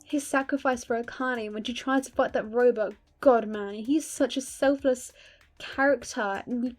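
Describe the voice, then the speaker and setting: A woman's voice: on the high side, steady tone, moderate pace. A young woman giving casual fan commentary, gushing and emphatic, swearing freely. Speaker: video creator.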